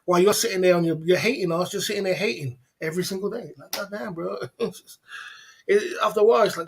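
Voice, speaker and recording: A man's voice: high voice, fast talker, vocal fry, husky. A man hosting a casual livestream, talking in a preachy, repetitive way full of rhetorical questions. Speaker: livestream host.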